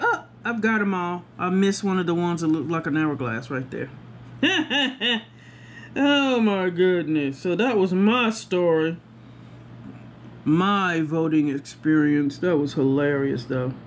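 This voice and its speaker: A woman chatting to viewers about her day while she works on a craft project, animated and talking straight to the camera. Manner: acts out other people's voices with big pitch jumps. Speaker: craft vlogger. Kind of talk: casual storytelling while crafting.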